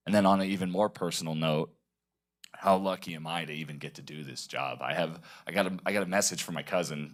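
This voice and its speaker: Deep-voiced emotional man at a meeting. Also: fairly bright tone. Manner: heartfelt, emotional, many fillers. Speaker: board member. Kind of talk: public meeting remarks.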